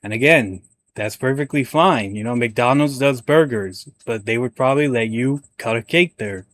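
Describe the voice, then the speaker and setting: Casting: young male commentary host, chatty and rambling, stumbles over words, mid-pitched voice. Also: normal speed, fairly bright tone. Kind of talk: casual reaction commentary.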